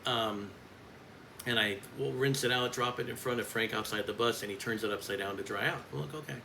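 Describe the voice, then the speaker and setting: A man's voice: on the low side, a little fast, gravelly, sharp tone, slight background noise, poor audio. A man who works as a coach, speaking in a bitter, blunt and profane vlog rant.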